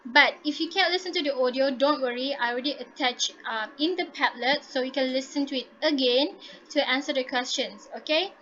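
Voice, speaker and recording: A teacher runs an online class through a laptop mic. She talks in a high, bright voice, keeps checking in with "okay," and mixes in Malay words. The call audio is a little dull, with a faint hiss behind it. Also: fairly quick. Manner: encouraging, repeats "okay" often, mixes in Malay. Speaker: English teacher. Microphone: laptop mic on a video call.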